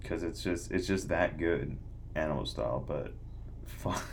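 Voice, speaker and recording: Very deep-voiced rambling man. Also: unhurried, vocal fry, a little hiss or hum. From California. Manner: rambling, profane, animated. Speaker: podcast host. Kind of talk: casual chat.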